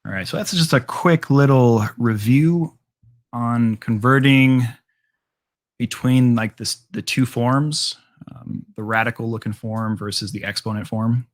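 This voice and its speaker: A man's voice: medium pitch, a little slow. Casual male math teacher lecturing class. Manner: casual, filler-heavy explaining with frequent ums and all rights.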